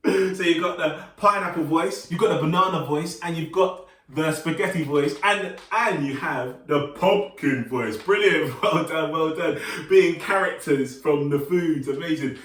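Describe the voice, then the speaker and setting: Man, kids' workshop leader, cheerful and encouraging, fairly high voice, roomy sound, a bit far from the mic. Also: a little slow, a bit bright. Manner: upbeat and encouraging, with playful sing-song call-outs. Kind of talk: leading a children's movement and relaxation workshop. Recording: roomy sound, voice from some distance.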